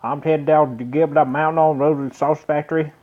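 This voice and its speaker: A man's voice: fairly high pitch, steady tone, quick pace, natural voice. A man voicing a folksy backwoods villager in a game, with an exaggerated country drawl. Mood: rambling. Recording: dull lo-fi recording.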